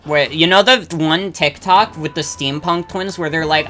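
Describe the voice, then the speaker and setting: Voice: medium pitch, normal speed, few pauses, pushed and bright, faint music behind. A young adult game streamer chatting casually while playing, rambling with lots of fillers and swearing freely. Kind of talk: casual chat while gaming, reading chat.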